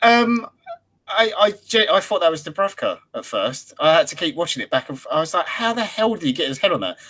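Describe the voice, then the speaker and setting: A man with a bright, forceful voice talks football on a fan podcast. His pitch swings widely as he gives blunt, animated opinions, swearing casually along the way. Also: fairly quick. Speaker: podcast co-host.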